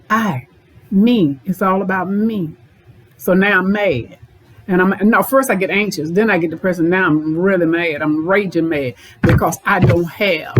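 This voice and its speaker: A woman's voice: on the low side, breathy edge, low-quality recording. Middle-aged woman therapist, folksy podcast monologue that drives points home by repeating them. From Memphis, Tennessee. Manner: folksy, repeats lines for emphasis.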